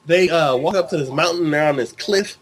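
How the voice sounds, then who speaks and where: A man's voice: fairly high pitch, brisk. A man co-hosting a casual chat, retelling scenes with acted-out lines and sound effects. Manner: animated storytelling, acts out scenes with sound effects. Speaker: co-host.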